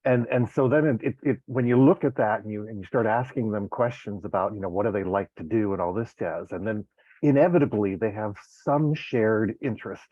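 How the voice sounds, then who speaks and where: A man's voice: lowish voice, brisk, no room sound. A man joining a meetup discussion by video call, speaking hesitantly with many restarts. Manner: hesitant, repeats words often. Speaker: meetup participant. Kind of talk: casual group discussion. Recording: tinny phone-like line.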